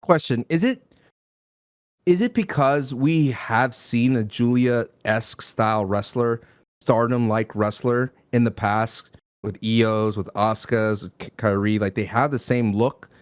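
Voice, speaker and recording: A man co-hosting a podcast in casual chat, joking and dropping quick interjections into the talk. His voice is recorded close and dry, with no room echo. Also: medium pitch. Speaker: podcast co-host.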